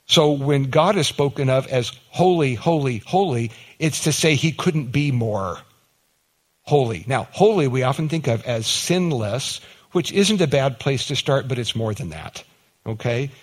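Guy preaching a sermon, chatty and animated, keeps repeating words and doing little mock voices. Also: medium pitch, measured pace. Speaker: pastor.

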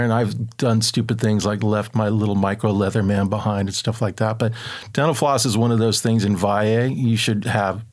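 A man spins a story in conversation, loose and chatty with plenty of fillers. When he quotes others, his voice jumps up and gets livelier, then settles back into an easy middle pitch. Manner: animated, acts out quotes in a raised voice. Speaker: guest telling an adventure story. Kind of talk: casual spoken storytelling.

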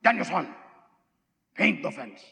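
A man's voice: sits high, moderate pace, fairly bright tone, big-room sound. A man putting on the clipped, accented broken English of an elderly male karate teacher. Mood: calm, instructing. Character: elderly male martial arts teacher, calm and terse.

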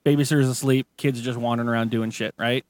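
A man's voice: medium pitch, fairly even intonation, fast talker, dry recording. A man hosting a podcast, telling a story in a rambling, profane, casual way with many restarts. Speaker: podcast host. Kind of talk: casual chat, retelling a story.

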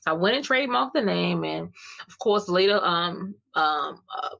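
Woman guest, lively testimony storyteller, slightly muffled recording. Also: fairly low pitch, moderate pace, gravelly. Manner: animated storytelling, acting out dialogue with God, laughing often. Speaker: guest, clothing line founder. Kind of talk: faith-filled personal testimony.

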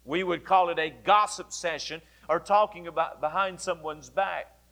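A male pastor preaching a sermon, explaining scripture in a deliberate way and repeating key phrases. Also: on the high side, fairly even intonation, vocal fry, bright, forceful tone.

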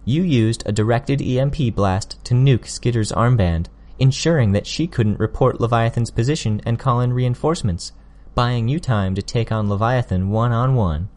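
A man voicing a sly, sharp-tongued teenage girl villain in an audiobook, smug and needling. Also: medium pitch, natural voice. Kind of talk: audiobook character voice.

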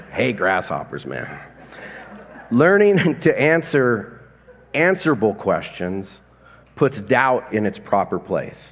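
A man's voice: fairly low pitch, sing-song, takes it slowly, pauses often. A man in his forties preaching a sermon in a conversational, folksy way, telling stories and chuckling now and then. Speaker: pastor. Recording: long hall reverb.

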